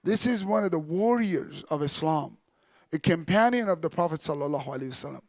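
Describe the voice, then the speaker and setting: A man delivers an animated sermon-style story in a fairly high voice. He swings between loud bursts and quiet, low stretches when he quotes people. The sound is dry and close, with no room echo. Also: a little fast. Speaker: Islamic lecturer. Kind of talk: storytelling religious talk.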